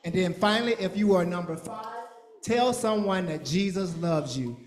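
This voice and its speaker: A man leading a church children's program, playful and energetic, teasing the kids and adults as he gets them moving. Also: high voice, moderate pace. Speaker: VBS program leader. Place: large church hall. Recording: echoey hall with crowd.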